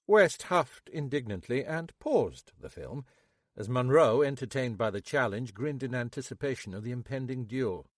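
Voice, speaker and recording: A man narrates an audiobook from a script in a measured, expressive reading. His voice is medium-pitched, and the studio recording is clean with no room sound.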